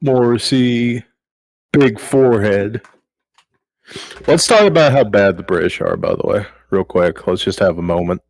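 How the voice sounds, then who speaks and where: Man, very low voice, dry mic, podcast host, crude joking chat. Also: very animated, brisk, gravelly, few pauses, no echo. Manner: crude, joking, bossy with co-hosts. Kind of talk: casual comedic chat.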